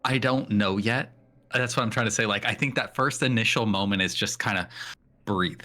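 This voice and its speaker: A man's voice: lowish voice, brisk, bright, forceful tone. A man playing a tabletop game, thinking aloud and hesitating as he describes his character's actions. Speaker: player. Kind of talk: casual game talk.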